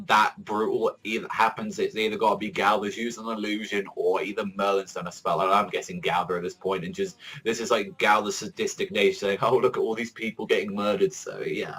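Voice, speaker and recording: A young man giving a casual manga chapter review, excitable and rambling, swearing freely. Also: fairly low pitch, poor audio. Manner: profane, excitable, rambling with many fillers.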